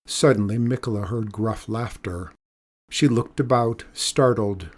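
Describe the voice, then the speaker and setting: A man reading a children's storybook aloud with expressive, emphatic delivery. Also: lowish voice, a little slow.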